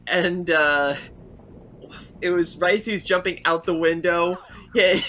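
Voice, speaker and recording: A man with a high-pitched voice speaks a little slowly on a game stream he co-hosts, with slight background noise present. The chat is casual, and he tells stories animatedly, full of energy and frequent laughter.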